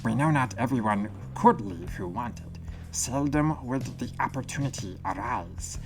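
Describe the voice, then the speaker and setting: A man voicing a small, stubborn male creature scribe in a high, squawking, duck-like voice, reading game text aloud. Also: animated, measured pace, music in the background. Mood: earnest.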